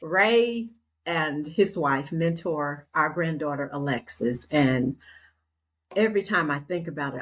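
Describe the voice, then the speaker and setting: An older woman with a very low, husky voice speaks slowly as a panelist in a relaxed online discussion. Her words come out heartfelt and measured. She is heard through a video call.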